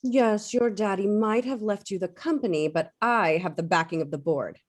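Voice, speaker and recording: A woman's voice: mid-range voice, normal speed, lightly acted. A woman reading a curt, dismissive corporate lawyer in her fifties in a comedy table read.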